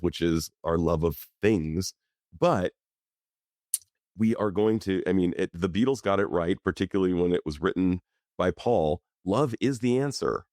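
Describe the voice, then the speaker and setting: Low-voiced man, lively podcast guest. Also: dry recording, studio quality. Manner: lively, expressive storyteller. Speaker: psychologist guest. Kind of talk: conversational podcast interview.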